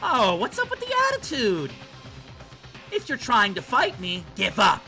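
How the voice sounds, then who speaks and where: A man's voice: high-pitched, huge pitch swings, measured pace, gravelly, bright, forceful tone, soft background music, full character voice. A man voicing a spiteful, gleeful male bear from a video game, reading the lines aloud in a taunting, cackling manner.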